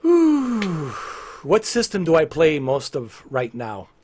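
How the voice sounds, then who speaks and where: A man chats casually on a livestream in an unhurried, medium-pitched voice, with a little hiss or hum in the audio. He rants at his viewers in an animated way, swearing a lot.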